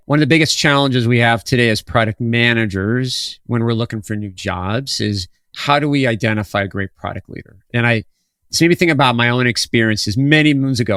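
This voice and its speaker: A man co-hosting a podcast, telling a story from his working life in an easy, casual way. He brings the story to life by acting out each line of dialogue. His voice sits at an ordinary middle pitch, recorded dry and close to the mic. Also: smooth, no room sound. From Wisconsin, USA. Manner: animated storyteller, acts out dialogue. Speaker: podcast co-host.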